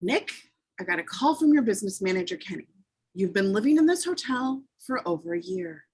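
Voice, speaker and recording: A woman's voice: medium pitch, big pitch swings, fairly quick, darkish tone, husky. A woman reading the part of a harried male talent agent in an amateur script table read, hurrying and stumbling over bad news.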